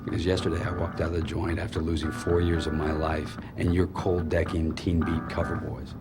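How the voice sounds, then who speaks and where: An actor playing a hardened male gambler fresh out of prison, in a grave, measured film trailer voice-over. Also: a bass voice, little pitch movement. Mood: grim. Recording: loud music score behind voice.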